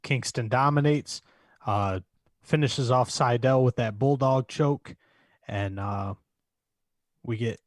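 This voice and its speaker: A man's voice: mid-range voice, slow, long pauses, no echo. A man co-hosts a podcast and sums up wrestling shows in short, laid-back remarks. The sound is dry and close to the mic. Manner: laid-back, brief, reads from notes. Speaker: podcast co-host. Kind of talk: casual wrestling recap chat.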